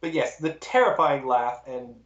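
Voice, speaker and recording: A podcast co-host in casual chat, animated and wry, with sarcastic asides. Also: medium pitch, moderate pace, a little hiss or hum. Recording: roomy, dull lo-fi podcast audio.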